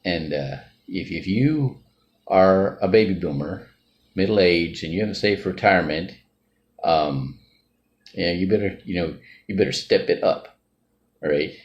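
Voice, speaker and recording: Deep-voiced man rambling casually. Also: unhurried, muffled recording, a little hiss or hum. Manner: rambling, tags sentences with "right?" and "all right?". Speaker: financial group member sharing views. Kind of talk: casual unscripted monologue.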